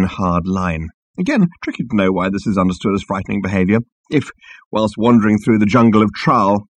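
A man narrating a story in a wry, lively manner. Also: on the low side. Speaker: audiobook narrator. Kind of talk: scripted narration.

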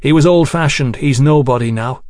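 A man's voice: medium pitch, moderate pace, darkish tone, no echo, studio quality, close to an everyday voice. A man voicing a persuasive male swindler who coaxes and then presses his points emphatically. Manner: coaxing, then hard and emphatic. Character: smooth-talking male street swindler, persuasive and bitter.

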